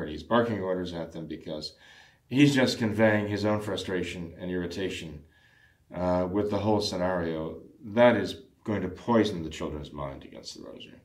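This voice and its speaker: Family prayer is the subject for this man, whose fairly low voice stays earnest and measured. Noticeable room echo surrounds his speech as he pauses to restart phrases and clear his throat.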